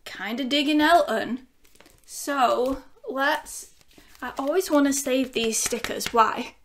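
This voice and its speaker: High-pitched gushy woman doing a chatty unboxing vlog at home, unhurried. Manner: chatty and excitable, gushing. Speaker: vinyl collecting YouTuber. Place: at home with her dog.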